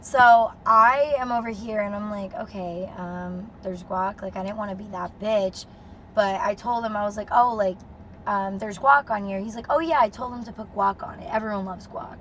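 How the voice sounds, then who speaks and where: A young woman telling a dating story as a podcast co-host, animated and swearing freely, with lots of "like". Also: medium pitch, moderate pace, a little hiss or hum. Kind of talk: casual storytelling chat.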